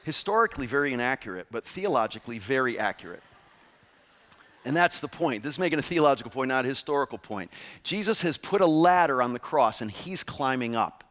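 Male pastor, emphatic preaching voice with animated swings, long room reverb. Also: mid-range voice, a little fast. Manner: animated, emphatic, asks rhetorical questions. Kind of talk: sermon.

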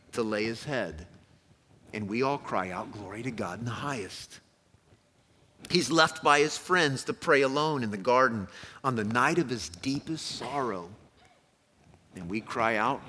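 Animated male preacher in a reverberant hall. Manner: animated preaching, swings from loud calls to quiet lows. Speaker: pastor. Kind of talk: sermon. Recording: long hall reverb, faint noise.

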